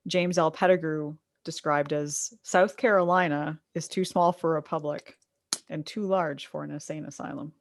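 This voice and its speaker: Gravelly laid-back man co-hosting. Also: on the high side, steady tone, moderate pace, a little hiss or hum. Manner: laid-back, brief agreeing replies. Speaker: podcast co-host. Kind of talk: casual history podcast chat.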